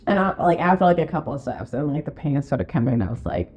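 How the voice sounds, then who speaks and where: A woman co-hosting a podcast in casual chat, telling stories full of fillers and acting out her own quotes in a high voice. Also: big pitch swings, quick pace, darkish tone, slight background noise. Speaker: podcast co-host, real estate marketing and sales director. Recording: dull lo-fi podcast recording.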